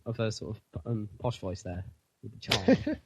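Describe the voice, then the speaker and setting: Talking at normal speed with big pitch swings, a man with a fairly low voice co-hosts a casual gaming podcast over some background noise. It's loose chat full of rambling, giggling, frequent laughter, and fillers he trails off with.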